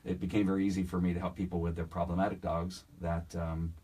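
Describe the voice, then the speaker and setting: A man with a very low, husky voice explains dog training in an easygoing, practical way. He is a podcast guest in casual conversation. The sound is slightly distant. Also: little pitch movement, quick pace, warm tone. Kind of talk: casual interview.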